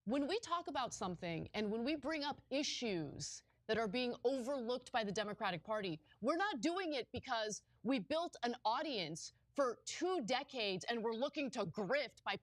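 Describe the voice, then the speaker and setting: A woman's voice: a little high, expressive, normal speed, dry recording. Firm woman co-host, dry close sound. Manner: firm, pointed, repetitive emphasis. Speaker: political talk show co-host. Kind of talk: political commentary.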